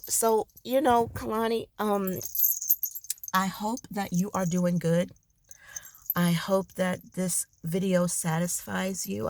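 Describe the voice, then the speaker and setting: Woman w a crackly gravelly voice, kinda low, sleepy rambly vlog chat, dry sound. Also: darkish tone, dry recording. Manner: rambling and chatty. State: tired, ready for bed. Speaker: vlogger. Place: in her parked car by the water.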